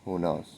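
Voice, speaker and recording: A man's voice: warm tone, poor audio. A man giving a rambling, spontaneous spiritual monologue, musing and meandering, with sudden lifts in his voice. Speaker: spiritual vlogger.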